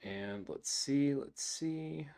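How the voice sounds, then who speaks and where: A man hosting a comedy show, reading audience jokes aloud with dry, deadpan asides. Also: mid-range voice, drawn-out words. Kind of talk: casual chat.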